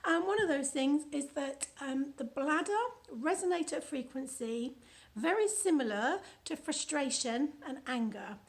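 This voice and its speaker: Chatty British woman, higher-pitched, reading her own book aloud with playful asides; author sharing an excerpt. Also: lively intonation, unhurried, hardly any pauses. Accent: British English. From United Kingdom. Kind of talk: casual book reading with commentary.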